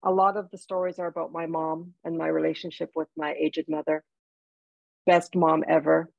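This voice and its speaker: A woman's voice: sits low, flat delivery, moderate pace, gravelly, no room sound, muffled recording. A woman from Jamaica, an author guest in an interview, telling personal stories in a heartfelt way with restarts. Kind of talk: interview conversation.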